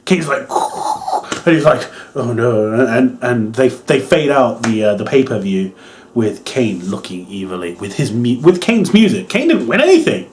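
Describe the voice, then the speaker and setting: Young male reviewer, lively pitch, rambling and amused, casual swearing. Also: normal speed, noisy background. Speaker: wrestling reviewer.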